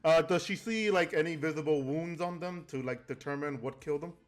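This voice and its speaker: A man playing a tabletop game, calmly describing what his character does and thinking aloud. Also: a little high, brisk. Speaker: player.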